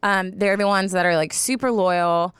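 This podcast co-host, a woman in her twenties, has a clear, resonant mid-range voice that's a bit bright, steady in tone and moderate in pace. She chats casually and rambles, with many restarts and "likes," in clean studio audio free of room sound.

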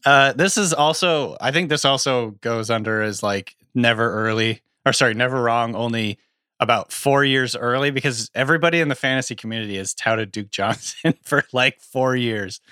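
A male podcast co-host who rambles through analysis with lots of fillers. His voice is bright and forward, recorded dry and close on a studio microphone. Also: mid-range voice, moderate pace, smooth, no room sound. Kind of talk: casual chat.

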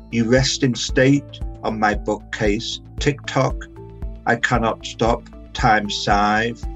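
Slow, measured man reading poetry. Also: medium pitch, fairly bright tone. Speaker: poet.

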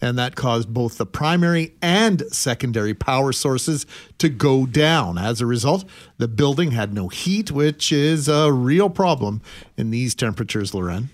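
A man's voice: mid-range voice, lively intonation, measured pace. A man co-hosting morning radio, joking and laughing with colleagues, then reading a news item. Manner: jokey, laughs often, apologetic when reading news. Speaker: radio host.

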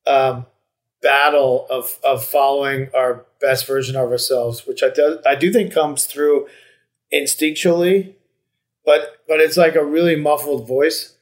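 A man's voice: mid-range voice, fairly even intonation, unhurried. Reflective man rambling with restarts. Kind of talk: casual chat.

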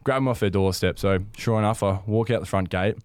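A lower-voiced man rambles through a story, stacking ums and asides as he goes. The recording is dry and close. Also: a little fast, smooth, no echo. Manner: rambling, with many ums and laughs. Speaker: podcast guest storyteller. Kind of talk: casual storytelling.

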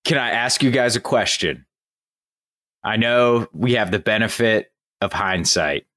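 A man's voice: fairly low pitch, measured pace, a bit bright. A man co-hosting a sports podcast in casual chat, posing questions and weighing both sides. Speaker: podcast co-host.

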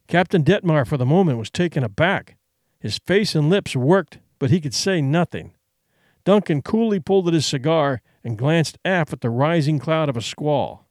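A man with a mid-range voice narrates an adventure audiobook, measured and expressive in his storytelling. The recording is studio quality with no room sound.

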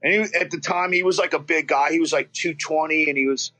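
A man's voice: a little high, fairly even intonation, a little fast, sharp tone. A man from Florida telling a childhood story as a guest, rambling and swearing, with many restarts. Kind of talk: casual storytelling.

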